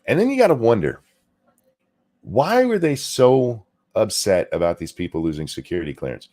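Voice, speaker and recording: A male show host talking fast and ranting with sarcasm, dropping swear words as he goes. His pitch swings widely, rising and falling through every point. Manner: animated, swearing, sarcastic rants. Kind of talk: casual political commentary chat.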